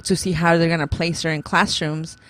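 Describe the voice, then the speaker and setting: A woman's voice: low voice, flat delivery, fairly quick, a bit bright. A woman co-hosting a casual talk show, chatty and laughing often as she tells family stories. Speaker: co-host. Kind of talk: casual chat.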